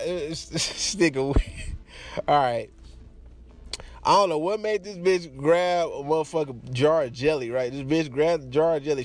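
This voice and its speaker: Rambling, laughing man with a lively voice. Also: on the high side. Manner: crude, laughing, rambling with many restarts. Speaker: storyteller. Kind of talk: casual anecdote monologue.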